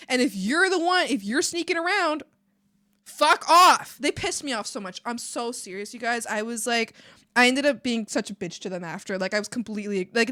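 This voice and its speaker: A woman streamer chatting casually while she draws, animated and swearing freely, breaking into laughs and shouts. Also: fairly high pitch, dry recording, studio quality.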